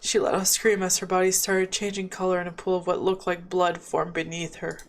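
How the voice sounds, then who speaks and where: A woman's voice: fairly low pitch, little pitch movement, fairly quick, a little hiss or hum. A woman reading a visual novel aloud, breaking off with chatty asides. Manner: reads dialogue and narration, breaks off with chatty asides. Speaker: game narrator.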